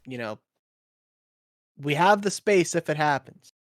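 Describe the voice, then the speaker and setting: A man casting an esports match, easygoing, laughing often and filling pauses with ums. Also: fairly high pitch, lively intonation. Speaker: esports caster. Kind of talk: play-by-play commentary.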